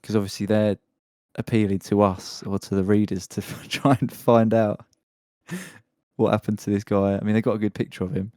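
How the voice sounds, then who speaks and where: A man's voice: lowish voice, level tone, moderate pace, dark tone, dry recording, clean studio sound. A man hosting a podcast, chatting casually in a rambling, laughing way with some swearing. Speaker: podcast host. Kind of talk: casual chat.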